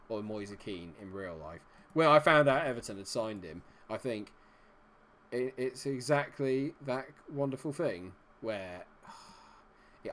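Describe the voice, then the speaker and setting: A man commentating live on his football management game, chatty and reacting loudly to the plays. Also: lowish voice.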